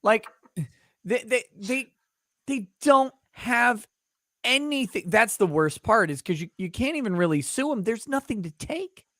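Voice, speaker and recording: A man hosting a casual interview, ranting in a quick, indignant way. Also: very high-pitched, expressive, a bit bright, no echo, studio quality. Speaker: host.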